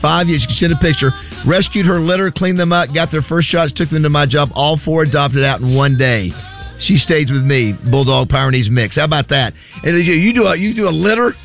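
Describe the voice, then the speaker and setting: A man's voice: on the high side, a little fast, gravelly, muffled recording, soft background music. A man hosting a casual radio show, chatting and reading listener messages in a rambling way. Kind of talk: casual morning radio banter.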